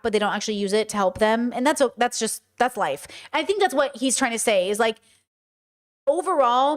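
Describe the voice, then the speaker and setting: Woman streamer, high voice, blunt and animated, swears freely, casual live chat to viewers. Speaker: streamer hosting a live podcast.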